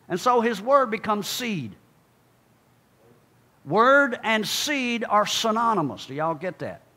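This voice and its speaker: A man preaching a sermon, speaking emphatically and calling out to his congregation, then dropping low and quiet for asides.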